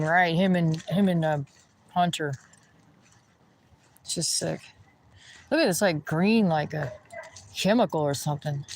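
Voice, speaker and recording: A man's voice: on the high side, slight background noise, rough recording. A man ranting in a rambling, indignant way while walking outdoors by a pond. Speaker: vlogger.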